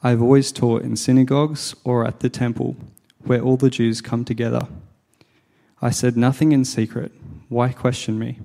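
A man reading a Bible passage aloud in church, in a gravelly, low-key way. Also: little pitch movement, moderate pace, mellow. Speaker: scripture reader.

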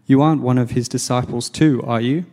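A man reads scripture aloud at an unhurried, even pitch. His voice is gravelly and mellow, with a dark tone. He stays measured and low-key throughout. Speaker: scripture reader. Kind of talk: Bible reading.

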